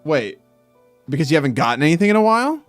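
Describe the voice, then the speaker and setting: A man streaming while he draws, reading viewer comments aloud and breaking into loud mock outrage with swearing. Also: on the high side, very animated, fast, no echo, faint music behind. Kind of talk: casual live-stream chat while drawing.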